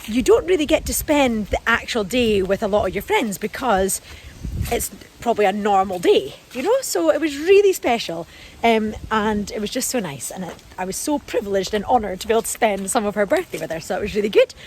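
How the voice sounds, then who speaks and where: A woman in her forties rambles through a casual walk-and-talk vlog, her voice swinging widely up and down. She talks into a handheld camera outdoors, and clear background noise sits under her voice. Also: sing-song, fairly quick, a little mellow, low-quality recording. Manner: chatty and rambling, calling her dog in a high sing-song. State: out of breath. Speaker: lifestyle vlogger. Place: outdoors in a garden and field.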